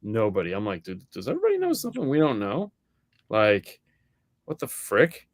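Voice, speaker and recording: A man co-hosting a podcast in casual chat, telling a story in a lively way and acting out the voices of the people in it, swearing now and then. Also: lowish voice, moderate pace, no echo. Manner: animated storyteller acting out quoted dialogue. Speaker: podcast co-host.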